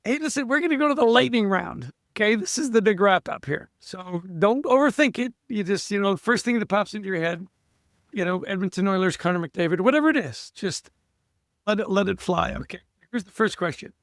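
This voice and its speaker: Man, podcast co-host, high gravelly voice, enthusiastic coaching tone. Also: expressive, a bit bright, no room sound, clean studio sound. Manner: enthusiastic, coaching tone, runs the quick-fire questions. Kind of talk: casual interview chat.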